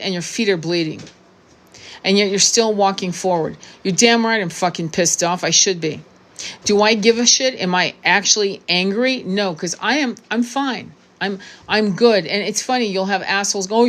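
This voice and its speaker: A woman in her sixties, a tarot reader and spiritual coach, talking straight to her viewers in a blunt, profane, impassioned monologue full of restarts. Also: medium pitch. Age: 60s. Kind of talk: unscripted monologue to camera.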